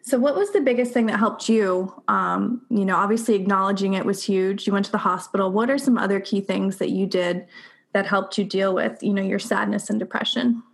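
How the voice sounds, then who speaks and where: A woman's voice: medium pitch, fairly even intonation, brisk, creaky. Woman podcast host, casual interviewer, affirming and conversational.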